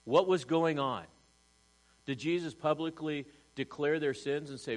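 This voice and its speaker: Male pastor, mid-pitched, dynamic sermon delivery, rhetorical questions, big shifts in volume. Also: normal speed, low-quality recording. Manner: dynamic, swings from loud emphasis to hushed, rhetorical questions. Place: church service.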